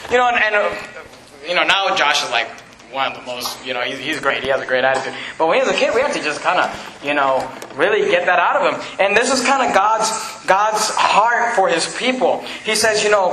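A man's voice: sits high, sing-song, quick pace, echoey room, background noise. A middle-aged man, a pastor, preaching a fervent, emphatic sermon in a church.

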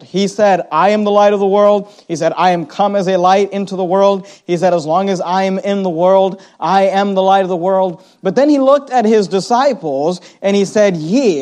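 A man preaching a sermon as pastor, reading scripture aloud and slowing down to stress key words. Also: high-pitched, darkish tone. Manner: reads scripture aloud, slows down for emphasis.

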